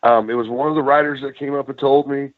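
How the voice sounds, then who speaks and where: A former wrestler, guesting on a podcast, tells road stories at a fast clip in a medium-pitched voice with no echo. He swears freely and animatedly acts out what others said in this casual interview, recorded with a dry, narrow, phone-like sound.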